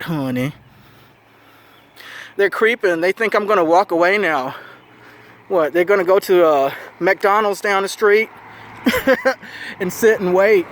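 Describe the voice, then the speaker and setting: A man's voice: high voice, expressive, takes it slowly, long pauses. Taunting, breathless man filming on the street. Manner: taunting, confrontational. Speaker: street vlogger. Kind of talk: filming himself, live commentary.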